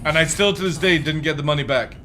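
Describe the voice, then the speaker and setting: A fairly high-voiced man talking loosely to his live chat between game sessions. He rambles from one thought to the next and swears without a second thought. A faint hum of room noise sits under his voice. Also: quick pace, sharp tone. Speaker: game streamer. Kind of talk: casual live-stream chat.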